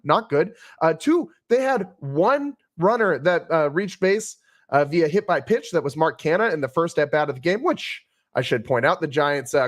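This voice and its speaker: A man hosting a post-game sports podcast, talking in an exasperated, rambling way with frequent restarts. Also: high voice. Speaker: podcast host.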